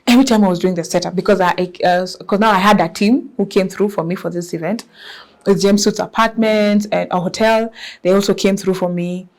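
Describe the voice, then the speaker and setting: Guest role: young Kenyan woman, Kenyan accent, lively expressive storyteller, mid pitch. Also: brisk. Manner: lively and expressive, mixes in Swahili words. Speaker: guest entrepreneur. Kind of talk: casual storytelling interview.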